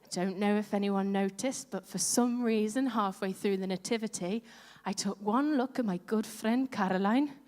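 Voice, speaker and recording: A woman's voice: medium pitch, moderate pace, a little mellow. A woman pastor giving a sermon, chatty and self-deprecating, asking her congregation questions. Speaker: pastor on church lead team. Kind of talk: sermon with audience interaction. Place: large church hall. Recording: echoey church hall reverb.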